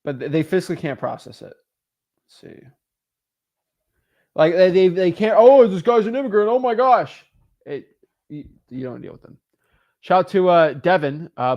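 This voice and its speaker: A man coaching real estate wholesalers in a casual livestream, answering viewer comments in an emphatic, motivational way. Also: mid-range voice.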